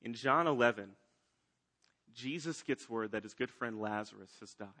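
Bright-voiced male preacher. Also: mid-range voice, moderate pace. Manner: dynamic preaching, swings between loud emphasis and hushed lines. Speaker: pastor. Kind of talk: sermon.

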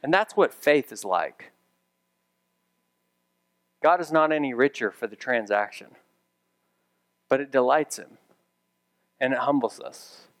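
A man's voice: medium pitch, animated, unhurried, long pauses. A man preaching a sermon as pastor, conversational with dry humorous asides, building to emphatic raised repetitions.

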